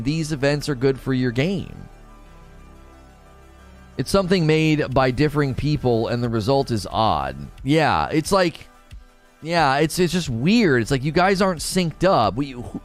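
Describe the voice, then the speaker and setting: A man's voice: fairly high pitch, expressive, measured pace, faint music behind. A man live-streaming and chatting casually about a game, rambling and often repeating his words, into a desk mic run through a mixer. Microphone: desk mic through mixer and preamp.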